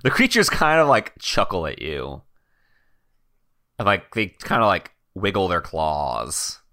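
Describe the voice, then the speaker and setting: A man running a tabletop game, his voice lively and full of swings in pitch. He sounds bright and a little low, and he narrates casually with many fillers and restarts. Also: a little slow. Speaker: game master.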